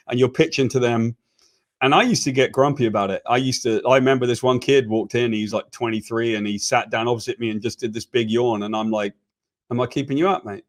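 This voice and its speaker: A British man co-hosting a casual chat, telling anecdotes with lots of "right?" and laughter, over a video call. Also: medium pitch. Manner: chatty storyteller, frequent "right?" and laughs. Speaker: co-host.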